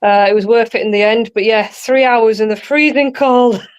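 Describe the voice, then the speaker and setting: A woman's voice: on the high side, fairly even intonation, moderate pace, smooth, highs cut off. A woman talking casually as a guest on a chat show, laughing often between her stories. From England. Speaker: tour guide and guest.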